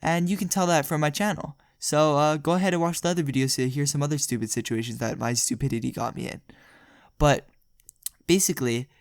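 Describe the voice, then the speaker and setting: Gravelly young man telling a rambling story. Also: fairly high pitch, steady tone, a little fast, no echo, clean studio sound. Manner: rambling, jokey, laughs often. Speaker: storytime vlogger. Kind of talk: casual storytelling.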